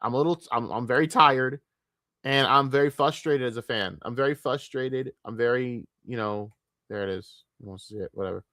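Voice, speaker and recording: A man from the United States ranting on a casual livestream, tired and frustrated, swearing freely and restarting his sentences. His voice sits in an ordinary middle pitch, close and dry on a desk mic with no room sound. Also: brisk, pushed and bright, no room sound. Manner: frustrated, profane, rambling with repeated restarts. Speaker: streamer.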